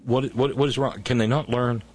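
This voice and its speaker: A man's voice: mid-range voice, fairly even intonation, moderate pace, darkish tone. A male talk-radio host with a mid-range voice, sarcastic and indignant as he comments and brings in callers.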